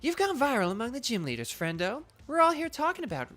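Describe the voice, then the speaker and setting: A bubbly young streamer girl and gym leader, pitched high above the speaker's own voice, as a woman puts her on. She rattles off showy greetings with a lively, swooping melody. The voice sounds a bit congested and dry. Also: quick pace, soft background music, exaggerated voice. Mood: peppy. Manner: peppy, showy streamer patter. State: congested nose, dry throat. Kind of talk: game character voice during playthrough.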